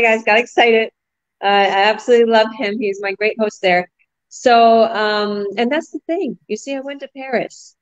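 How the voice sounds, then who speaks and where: A middle-aged woman from Canada hosting a casual live online chat, bubbly and excited, laughing often. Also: mid-range voice, lo-fi sound. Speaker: host.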